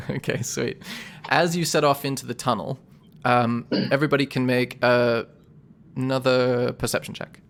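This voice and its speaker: A man narrating a tabletop game as game master, relaxed and rambling, correcting himself as he goes. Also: mid-range voice, moderate pace, vocal fry, a little hiss or hum.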